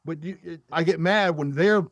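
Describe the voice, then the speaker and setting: A man's voice: fairly high pitch, normal speed, no room sound, dull audio. Rambling man telling stories, dry mic. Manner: rambling, animated storytelling with many fillers. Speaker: podcast guest. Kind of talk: casual chat.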